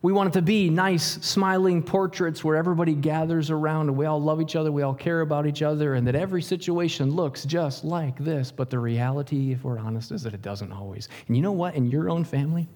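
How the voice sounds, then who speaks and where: Animated preaching man, fairly high voice. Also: a little fast, hardly any pauses, in a large hall. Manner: animated preaching with jokes and rhetorical questions. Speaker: pastor. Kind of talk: sermon.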